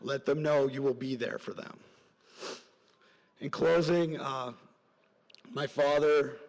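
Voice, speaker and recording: Middle-aged man, earnest storytelling speech, rambling asides, mid-pitched voice, long reverb of a big hall. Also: steady tone, takes it slowly, pauses often. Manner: earnest, rambling with side stories, voice drops soft at emotional points. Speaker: parent giving a graduation speech. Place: large hall at a graduation ceremony.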